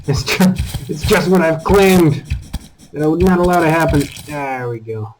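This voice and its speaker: A man giving casual commentary over his own gameplay, taunting enemies and breaking into high exclamations. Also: moderate pace, slight background noise, low-quality recording. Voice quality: calls his own voice squeaky. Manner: animated, talks to enemies, jumps to high exclamations. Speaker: gaming channel host.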